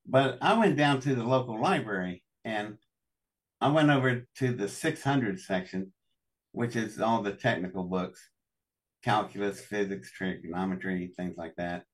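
A man's voice: lowish voice, unhurried, far from the mic. An older man from West Virginia, a show guest telling long folksy stories with chuckles. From West Virginia, USA. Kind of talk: storytelling interview.

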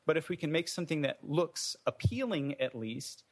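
A man's voice: fairly high pitch, expressive, moderate pace. A man, an indie game developer, answering interview questions in a thoughtful, meandering way with many fillers and restarts.

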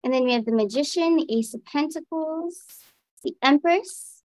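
Female tarot reader, bit high-pitched, dry mic, easy musing delivery. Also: normal speed, dry recording. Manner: relaxed, thinking aloud while reading cards. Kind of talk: casual tarot reading.

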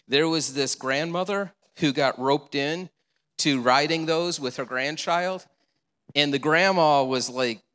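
A male pastor preaching a sermon, animated and storytelling, with rhetorical questions and repeated answers. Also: a little high, big-room sound.

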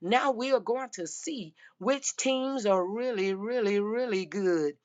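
A woman hosting a casual football talk show, emphatic and folksy, her voice going hoarse. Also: medium pitch, slow, a little mellow, highs cut off. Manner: emphatic, repeats "I'm telling you" and "baby". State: losing her voice. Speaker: sports podcast host.

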